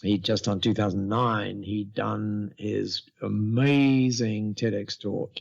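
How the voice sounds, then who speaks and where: Older male guest, seventies, gravelly storyteller, dull lo-fi recording. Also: fairly low pitch, slow pace. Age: 70s. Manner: animated storyteller, lively quoting of others, many restarts. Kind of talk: storytelling in a podcast interview.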